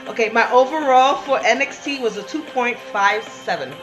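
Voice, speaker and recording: A woman co-hosting a wrestling podcast, giving scores in relaxed, casual talk. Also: fairly high pitch, moderate pace, over music, rough recording. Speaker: podcast co-host. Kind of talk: casual chat.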